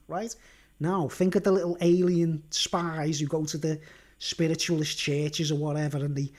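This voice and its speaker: A man's voice: on the high side, a little mellow, breathy edge. A man with a Merseyside accent telling a long story in a casual livestream monologue, stressing his points and checking in with the listener. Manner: emphatic, keeps asking "right?" and "do you understand?". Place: at home.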